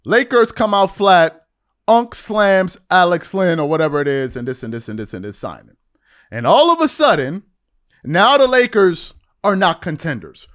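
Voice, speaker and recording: A man's voice: high-pitched, normal speed. A man hosting a sports podcast, delivering a heated, mocking rant full of trash talk. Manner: mocking, animated, trash-talking.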